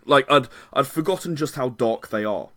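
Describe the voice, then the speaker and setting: A game designer appears as a guest on a casual podcast interview, rambling, qualifying his statements and laughing frequently. His mid-range voice is expressive and a bit bright at a moderate pace, captured in clean studio sound with no echo.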